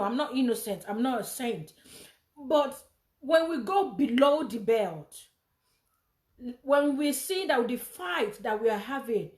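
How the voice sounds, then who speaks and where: A woman's voice: a little high, reverberant. A middle-aged mother giving a heartfelt speech at a charity event, often repeating her phrases. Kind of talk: emotional personal speech.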